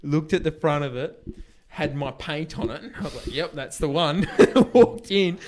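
A young podcast co-host with a fairly high-pitched voice talks at a normal speed over crowd noise. Telling a story in casual chat, he swears a lot and laughs his way through it.

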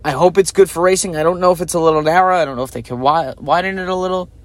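A man talks through his views in a loose, chatty solo commentary, often thinking aloud with fillers. His voice sits a little high for a man. The sound is dry and close, with no room echo. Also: steady tone, rapid-fire. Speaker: podcast host.

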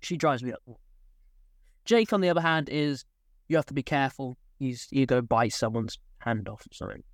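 A man's voice: mid-range voice, fairly quick, no room sound, clean studio sound. A young man co-hosting a casual podcast, rambling and laughing as he talks. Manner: rambling, self-interrupting, laughs often. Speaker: podcast co-host.

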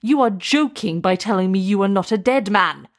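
A woman's voice: mid-range voice, expressive, normal speed, natural voice. A woman voicing an angry, determined young man in a storybook reading, making firm, insistent demands. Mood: stern.

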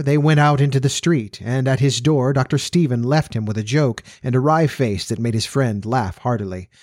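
A man narrating an old-fashioned story in a steady, even storytelling manner. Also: mid-range voice, no room sound, studio quality. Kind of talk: audiobook narration.

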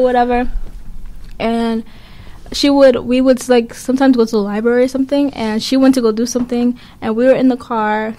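Giggly high-voiced young woman. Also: a little mellow. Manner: giggly, rambling storyteller. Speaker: co-host telling stories. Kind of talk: casual chat.

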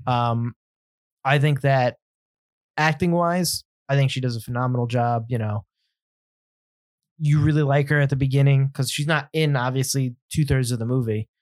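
A man chatting casually about a movie, relaxed and quick to laugh. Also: mid-range voice, no room sound, studio quality. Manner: relaxed, laughs easily, drifts into mock quotes. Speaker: movie podcast co-host.

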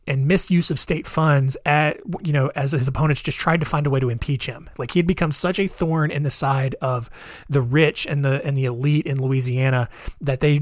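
A man's voice: on the high side, dry recording, studio quality. A man casually telling a history story, with frequent fillers, wry jokes and asides. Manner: conversational, many fillers and asides.

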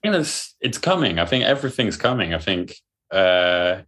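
A man's voice: sits low, big pitch swings, moderate pace, fairly bright tone. A man, a guest brewer talking casually and laughing along. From London. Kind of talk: casual chat.

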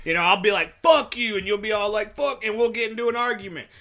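A high-voiced man with a bright, forceful tone. He tells profane stories in a loose, casual chat and mocks the people he quotes. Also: rapid-fire. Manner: profane, animated storytelling, mocking quoted voices. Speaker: podcast co-host, stand-up comedian.

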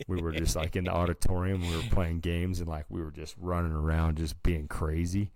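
A man with a very low voice co-hosts a casual podcast, spinning loose, rambling stories peppered with "like" and "dude". The recording is close and dry, with no room sound. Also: flat delivery, darkish tone, no echo. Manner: rambling storytelling full of "like" and "dude"; slips into quick put-on voices for people in his stories. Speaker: podcast co-host. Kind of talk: casual chat.

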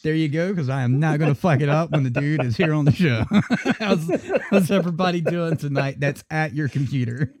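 A man's voice: a little high, brisk, a little mellow, no echo. A man hosting a live internet radio talk show, chatting loosely and laughing as he goes. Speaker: host. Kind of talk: casual live radio chat.

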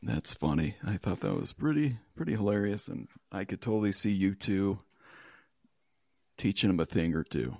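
A man's voice: sits low, sing-song, normal speed, vocal fry, warm tone, no room sound, studio quality. A man hosting a casual podcast chat, reading out headlines and joking with his co-hosts, laughing often. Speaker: podcast host.

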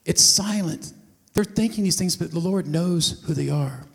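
A man with a high voice preaches to a congregation, telling a story and slipping into the voices of its characters as he goes. His words ring out with a long reverb, the sound of a large hall. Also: normal speed, gravelly. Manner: storytelling, acting out voices of the scene. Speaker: pastor. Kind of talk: sermon.

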